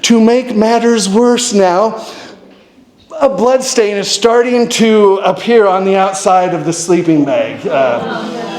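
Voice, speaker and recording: Performing on a distillery stage in front of a live audience, a man from Montana tells a comic story. He's animated, acting out what people said with sudden raised, high-pitched voices.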